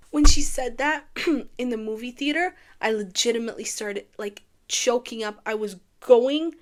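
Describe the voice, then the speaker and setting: A woman giving a casual, chatty film commentary, gushing and swinging between excitement and wistfulness. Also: on the high side, moderate pace. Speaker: YouTuber reviewing a film musical.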